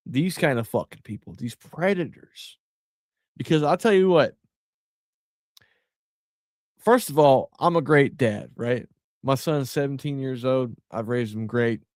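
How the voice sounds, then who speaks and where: A man's voice: mid-range voice, darkish tone, dry recording, studio quality. A middle-aged man hosting a podcast, giving blunt, profane, heated commentary. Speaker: podcast host.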